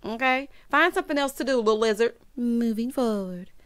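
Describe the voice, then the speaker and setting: A woman with a high, smooth voice talks quickly while hosting a reality TV recap. She delivers sassy, emphatic commentary, calls her viewers "honey" and "child," and bursts into loud laughter and exclamations.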